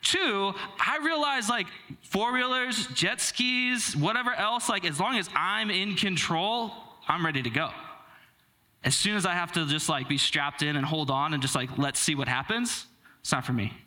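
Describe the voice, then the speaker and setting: Bright, high-voiced young preacher. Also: male voice, normal speed. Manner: conversational, self-deprecating storytelling with filler words. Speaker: pastor. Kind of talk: sermon with personal story.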